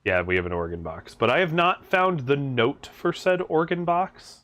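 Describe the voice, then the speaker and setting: A man's voice: fairly high pitch, expressive, normal speed, a bit bright. A man playing a video game on stream, chatting casually and making dry joking asides. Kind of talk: casual chat while gaming.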